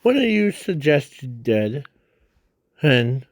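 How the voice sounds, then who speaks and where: A man's voice: mid-range voice, sing-song, no room sound, studio quality. A man explaining his fan idea in a casual, rambling way, full of fillers and restarts, breathing hard. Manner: halting, many fillers and restarts. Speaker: fan video creator.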